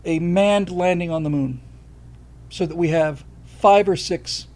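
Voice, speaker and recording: With a somewhat high, slightly mellow voice and a measured pace, an older American man hosts a livestream. He gives blunt, emphatic opinions in a casual manner and thanks viewers as he reads out their donations.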